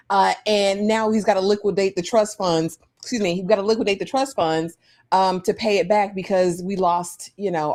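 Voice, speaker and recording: Brief: woman co-host, mid-pitched voice, wry sarcastic recap. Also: a little mellow. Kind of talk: live TV episode review chat.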